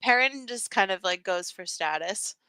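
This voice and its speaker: A woman chatting as a podcast co-host, easygoing and agreeable. Her voice is bright and crisp, and it sounds close and dry with no room echo. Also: mid-range voice, moderate pace. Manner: relaxed, agreeable, laughs along. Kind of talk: casual chat.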